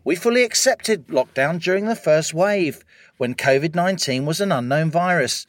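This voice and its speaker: A British man co-hosting a political podcast opens wryly and rhetorically before settling into chat. His voice is fairly high and animated, his pace moderate, and the recording dry.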